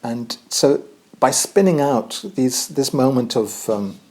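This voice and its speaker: A man's voice: mid-range voice, slow pace, darkish tone. A man from Edinburgh, giving an informal spoken lecture full of digressions, ums and restarts. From Edinburgh, Scotland.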